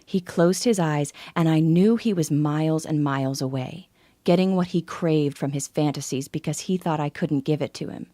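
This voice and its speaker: A woman's voice: sits low, moderate pace, mellow, dry recording. A woman in her forties narrating a scripted first-person sales story in an intimate, confiding way. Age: 40s.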